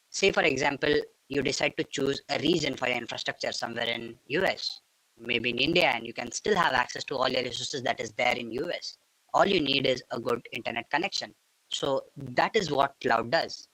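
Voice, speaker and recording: Bright-voiced man explaining tech concepts. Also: fairly high pitch, dry recording, low-quality recording. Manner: patient, repeats filler phrases like "go ahead" and "and all those things". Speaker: instructor.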